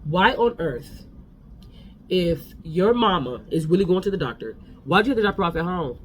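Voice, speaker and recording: A man's voice: high-pitched, expressive, normal speed, a little hiss or hum. A man giving a casual, sassy gossip recap of a reality show, talking straight to his viewers.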